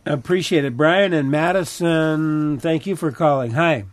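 A man's voice: on the high side, unhurried. A man hosting a radio call-in show, thanking callers and introducing the next one with brief acknowledgements. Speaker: radio host.

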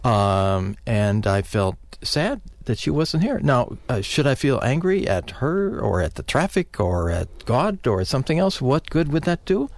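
A middle-aged man giving advice on a call-in radio show, speaking haltingly with many fillers and restarts. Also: mid-range voice, very animated, no room sound. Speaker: guest therapist.

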